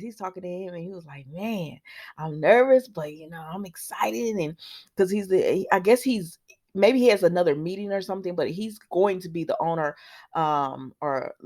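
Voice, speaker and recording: Lively, chatty woman recapping a soap. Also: lowish voice. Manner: animated storytelling, acts out the quoted lines; chatty and informal, talks straight to viewers. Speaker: soap opera recap host. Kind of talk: casual chatty recap vlog.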